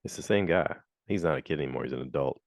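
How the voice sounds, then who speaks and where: Very deep-voiced chatty man. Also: fast, no room sound. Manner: rambling and chatty, acts out quotes in high voices. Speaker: podcast host. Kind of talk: casual solo review chat.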